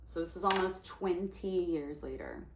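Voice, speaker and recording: A woman in her forties, an actress and singer, telling a story in an animated way and acting out the voices of the people in it. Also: on the low side, measured pace, a little hiss or hum. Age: 40s. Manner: animated, acts out quoted voices. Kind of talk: storytelling monologue. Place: indoor room in New York. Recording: roomy echo.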